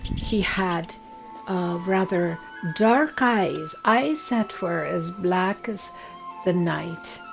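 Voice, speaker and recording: Gravelly slow-talking woman rambling in character. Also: on the low side, poor audio. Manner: rambling storytelling, trails off and restarts. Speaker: player voicing a wood elf character. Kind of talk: in-character game role-play. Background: game music.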